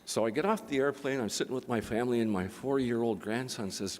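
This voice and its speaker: A man's voice: medium pitch, fast, darkish tone, a little hiss or hum. An older man moderating a conference, telling a personal story and then making an impassioned appeal, his speech slightly slurred from facial palsy. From Canada. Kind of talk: conference talk. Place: large conference hall. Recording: long hall reverb.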